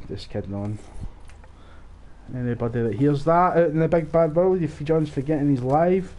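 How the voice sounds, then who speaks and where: Medium-pitched and mellow at a normal speed, this young Scottish man streams his game with sweary, rowdy live banter aimed at the chat.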